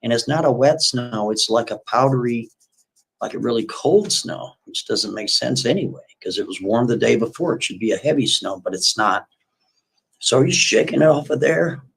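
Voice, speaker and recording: A man's voice: mid-range voice, normal speed, creaky, breathy edge, low-quality recording. Folksy man retelling a story. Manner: folksy, repetitive, animated asides. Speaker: livestream host retelling a story. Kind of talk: casual spoken storytelling.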